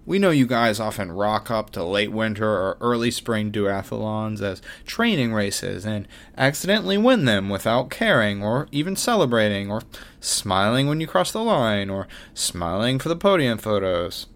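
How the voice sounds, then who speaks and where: A man's voice: on the low side, very animated, normal speed, fairly bright tone. A man hosting his own sports podcast, reading a wry, self-mocking script with jokey asides. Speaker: podcast host. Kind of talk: scripted monologue.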